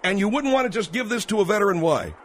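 A man hosting a comedic talk radio show, needling his caller in a calm, provoking way. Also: sits high, quick pace, slight background noise.

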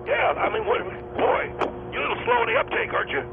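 Male performer as a taunting, stammering working-man caller; gravelly and high-pitched. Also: animated, fast talker, heavily acted. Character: brash loudmouthed male mill worker caller. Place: at work in a loud mill. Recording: tinny phone line with machine noise.

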